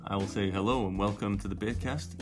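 A man's voice: on the low side, steady tone, brisk, music in the background. A man co-hosting a beer podcast, teasing and laughing easily in casual banter. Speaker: podcast co-host.

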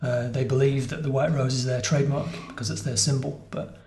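A man's voice: medium pitch, fairly even intonation, a little fast, darkish tone, slight background noise. A man hosting a podcast, chatting casually over a beer tasting and explaining facts as he goes, correcting himself now and then. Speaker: podcast host. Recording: roomy echoey room.

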